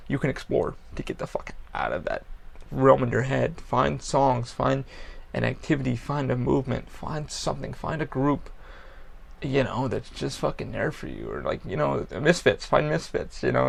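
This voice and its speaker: Male podcast host, gravelly, blunt and profane, rambling casual monologue. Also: medium pitch.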